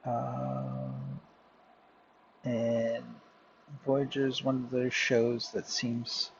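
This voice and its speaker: A man chatting casually to viewers while he draws, rambling and muttering softly to himself. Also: medium pitch, flat delivery, very slow, vocal fry, lo-fi sound, soft background music. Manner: rambling, self-talking, drifts into soft muttering. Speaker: drawing vlogger. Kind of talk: casual talk while drawing. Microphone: headphones with mic.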